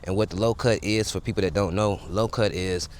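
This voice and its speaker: A man's voice: low-pitched, fairly even intonation, fairly quick, slight background noise. A man running a casual microphone sound test outdoors, talking loosely and rambling to viewers on a wireless clip-on mic. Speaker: gear reviewer. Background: faint ambience with people around.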